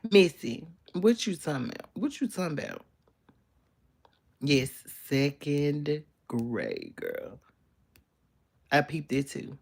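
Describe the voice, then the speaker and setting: A woman's voice: sits low, vocal fry, breathy edge. A young woman, chatting playfully with viewers on a casual live stream from her bed. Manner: playful, sassy, teasing. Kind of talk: casual chat reading viewer comments. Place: bedroom, in bed.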